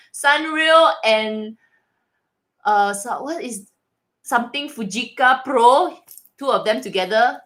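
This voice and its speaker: Lively, giggly woman hosting a livestream. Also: mid-range voice. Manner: animated and giggly, often laughing; chatty, with frequent restarts. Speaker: livestream host reading viewer chat. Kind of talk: casual live Q&A chat.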